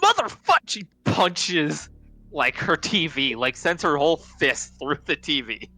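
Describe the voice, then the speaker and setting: A man playing his character in a tabletop game, animated and given to sudden loud outbursts. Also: on the high side, slow. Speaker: player.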